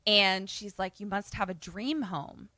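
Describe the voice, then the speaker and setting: A podcast co-host, a woman with a medium-pitched voice, casually recaps a movie in an animated retelling, acting out the characters' lines. She speaks unhurriedly, and there is no room sound.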